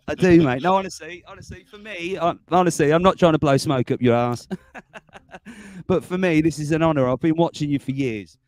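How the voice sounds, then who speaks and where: A man in his forties hosting a casual livestream chat, chatty and excitable, laughing often. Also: a little high, moderate pace, pauses often. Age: 40s. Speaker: livestream host.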